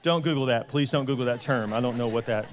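A man's voice: mid-range voice, quick pace. A man preaching a casual, joking sermon as pastor, telling a story and acting out the characters' voices. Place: church sanctuary. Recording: long hall reverb.

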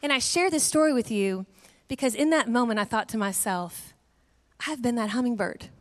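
A middle-aged woman giving a sermon, telling a family story in a lively way and acting out voices. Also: a little high, moderate pace. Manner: animated storyteller, acts out voices. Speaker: guest speaker. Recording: long hall reverb.

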